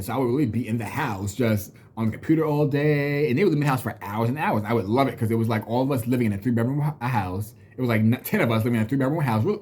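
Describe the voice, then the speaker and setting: A man's voice: medium pitch, darkish tone, husky. A man in his thirties telling a personal story in a blunt, profane, venting way. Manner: blunt and profane, venting, slips into mocking quoted voices. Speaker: vlogger. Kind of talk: casual storytelling rant to camera.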